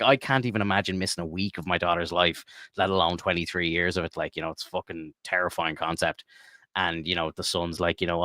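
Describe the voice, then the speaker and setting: Deep-voiced man in casual chat. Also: fairly even intonation, a little fast, pushed and bright, dry recording, studio quality. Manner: rambling, heartfelt, lots of fillers. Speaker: podcast co-host.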